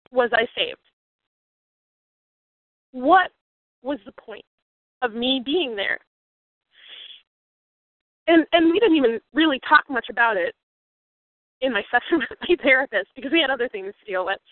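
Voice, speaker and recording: A woman's voice: high-pitched, lively intonation, measured pace, long pauses, no echo. Earnest woman on a tinny line. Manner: earnest, reflective, grows emotional. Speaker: speaker on a coaching call. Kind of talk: personal story with motivational lesson. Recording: tinny phone-like line, dry.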